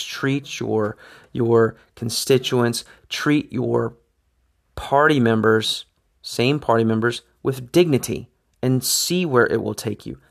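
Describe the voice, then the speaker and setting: A man's voice: mid-range voice, gravelly. A man hosting a political commentary show, talking emphatically and restarting his phrases as he builds his points. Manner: emphatic, repeats words while building points.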